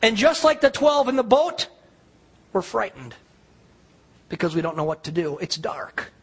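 A man preaching a sermon, retelling a story vividly and dropping to a near hush on the quiet lines. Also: high-pitched, very animated, moderate pace, breathy edge. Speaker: pastor.

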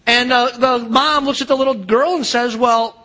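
A man's voice: very high-pitched, fairly even intonation, moderate pace, pushed and bright. A man preaching a sermon as pastor, telling a story in a chatty way with fillers and restarts.

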